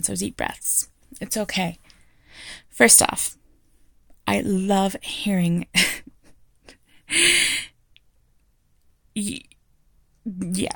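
A woman voicing a frank, playful teacher in an audio role-play, teasing and quick to laugh. She speaks slowly with a strongly gravelly, fried texture. The sound is close and dry, with no room around it. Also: medium pitch, no room sound. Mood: reassuring. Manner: teasing, blunt, laughs often.

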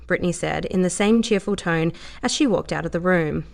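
A woman narrating a story in an even storytelling manner. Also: lowish voice, a little fast, gravelly, few pauses. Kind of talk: audiobook narration.

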